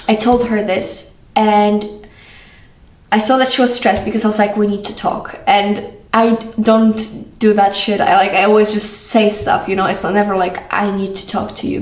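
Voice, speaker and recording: A young woman, a vlogger talking casually and warmly to camera, full of "like" and pet names. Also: mid-range voice. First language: Polish. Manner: chatty, full of "like", affectionate. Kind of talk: casual heartfelt talk to camera. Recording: roomy echo.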